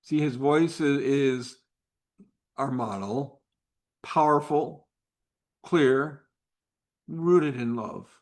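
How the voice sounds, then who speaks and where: A man's voice: medium pitch, drawn-out words, pauses often, darkish tone. A man hosting a live faith-based talk, speaking in an unpolished way with many restarts and fillers, sometimes dropping to a whisper. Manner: drops to a whisper at times. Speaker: host.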